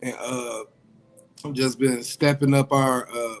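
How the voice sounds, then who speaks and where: A man's voice: mid-range voice, fairly even intonation, slow pace, slight background noise. Easygoing Midwestern co-host man. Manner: easygoing, explains things steadily. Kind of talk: casual radio chat.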